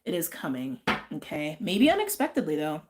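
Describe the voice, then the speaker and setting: A woman's voice: deep voice, wildly swooping pitch, normal speed, noisy background. A woman doing a casual tarot and astrology reading, chatty and rambling, often drifting into tangents and filling her talk with "like" and "right". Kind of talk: casual spiritual reading chat.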